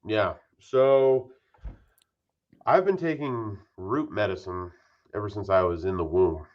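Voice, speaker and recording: A man from Utah, a podcast guest, talking in a relaxed, easygoing way. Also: on the low side, slow, highs cut off. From Utah, USA. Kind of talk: casual interview chat.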